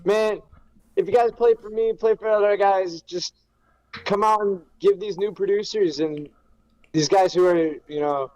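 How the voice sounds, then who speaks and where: Man, upbeat, fairly high voice, casual panel chat. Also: moderate pace, a little mellow, rough recording. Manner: upbeat, promotional. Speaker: guest, event commander.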